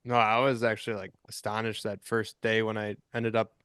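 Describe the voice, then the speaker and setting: Man, smooth clear voice, easygoing, casual podcast chat, dry sound. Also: on the low side, level tone, brisk, fairly bright tone, no echo. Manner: easygoing, laughs through his story. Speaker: tournament angler guest.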